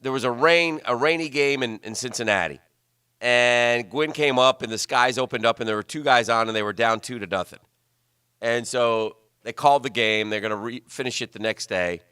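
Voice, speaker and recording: A bright, forward-sounding male voice in close, dry studio sound. He chats loosely about the game, rambling and restarting his sentences. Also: medium pitch, moderate pace, smooth, no echo. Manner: rambling, chatty, many restarts. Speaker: sports radio host. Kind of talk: casual sports talk.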